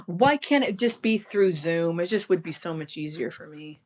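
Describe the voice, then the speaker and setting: A woman in her thirties chatting casually, unhurried and trailing off mid-thought. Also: fairly low pitch, animated. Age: 30s. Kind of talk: casual chat.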